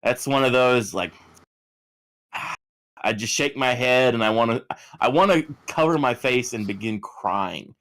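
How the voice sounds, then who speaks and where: A man's voice: medium pitch, unhurried, fairly bright tone. A man chatting casually on a podcast in a mid-range voice. He rambles and restarts his sentences often. His delivery is loose and conversational. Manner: rambling, frequent restarts and fillers. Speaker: podcast co-host.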